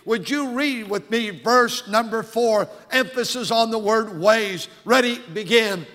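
An older man preaching a fervent sermon, his high, bright voice pressing hard on each point. The words hang in the long reverb of a big church sanctuary. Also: a little slow. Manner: fervent preaching, rising to shouted emphasis. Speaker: pastor.

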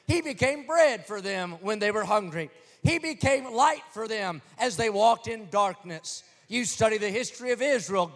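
A man's voice: high voice, a bit bright. A man preaching a sermon as pastor, telling stories with dramatic flair and acting out the crowds. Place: church sanctuary. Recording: long hall reverb.

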